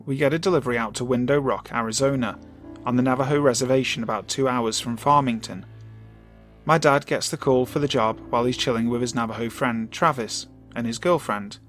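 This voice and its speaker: A man reads a creepy story aloud in a calm, measured voice at a medium pitch. He slows down and drops his voice for tense moments. Faint music plays under his narration. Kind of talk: scripted narration. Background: soft music.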